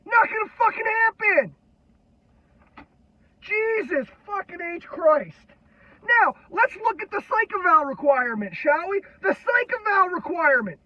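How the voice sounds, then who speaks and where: Brief: furious veteran ranter, strained very high voice, constant swearing, dull lo-fi recording. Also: male voice, no room sound. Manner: irate, heavily profane, shouting. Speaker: military veteran ranting on video. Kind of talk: angry political rant. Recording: dull lo-fi, dry sound.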